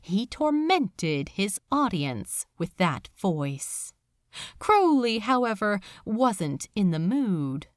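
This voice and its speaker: Woman audiobook reader, lively pitch, unhurried and dramatic. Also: no room sound, studio quality. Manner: expressive, dramatic narration. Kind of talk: audiobook reading of fan fiction.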